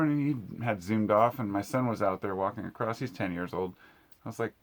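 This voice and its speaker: A man's voice: lowish voice, fairly quick. A man talking to camera in a casual vlog, rambling and reflective, with many fillers and restarts. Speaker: vlogger.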